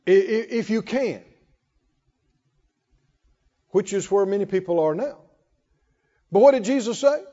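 A man's voice: sits high, normal speed, long pauses, warm tone. A man preaching a sermon in a folksy way, calling out to the congregation. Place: church hall. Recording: muffled hall reverb.

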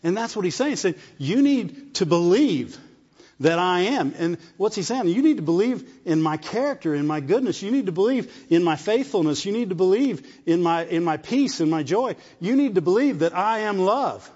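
A man's voice: high voice, lively intonation, moderate pace, darkish tone, slightly rough. A man preaching a sermon, often asking the congregation "amen?" and repeating phrases for emphasis. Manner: call-and-response asides, repeats phrases. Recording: dull sound with long reverb in a hall.

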